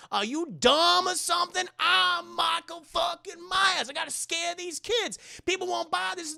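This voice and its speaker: A streamer doing a loud, swearing impression of a bossy male celebrity during a casual movie recap. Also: mid-range voice, gravelly, dry recording, clean studio sound. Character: brash loud-mouthed male rapper shouting orders.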